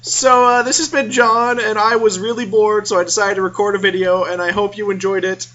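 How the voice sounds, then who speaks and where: Bright-voiced man telling a funny story. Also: high voice, level tone, a little fast, muffled recording. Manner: chatty, self-aware asides and pop-culture jokes. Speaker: vlogger. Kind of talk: casual comic storytelling to camera.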